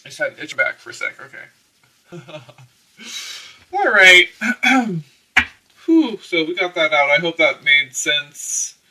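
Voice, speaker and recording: A man with a very bright, sharp-edged voice talks his way loosely through a tarot reading, tossing in "okay?" between thoughts. His voice sits a little away from the mic. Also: a little high, animated, slow, long pauses, recorded from a distance, poor audio. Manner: rambling, peppered with "okay?" and laughs. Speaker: tarot reader. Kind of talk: casual spiritual tarot reading.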